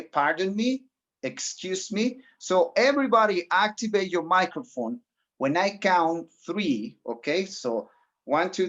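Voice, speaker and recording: A man's voice: fairly high pitch, a bit bright, highs cut off. Man, English teacher, encouraging, video call class. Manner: encouraging, mixes in Spanish explanations. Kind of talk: online class instruction.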